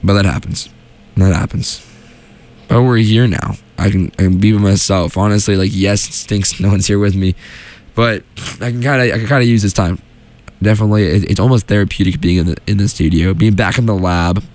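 A young man's fairly low, darkish voice moves quickly with fairly even intonation as he hosts a solo show in a small studio. His casual chat wanders, with frequent fillers and restarts.

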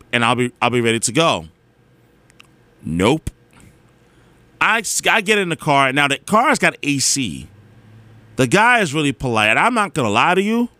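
Animated man telling a story. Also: medium pitch, no room sound. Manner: animated, exasperated, self-mocking, with filler "like" and "you know". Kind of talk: casual storytelling monologue.

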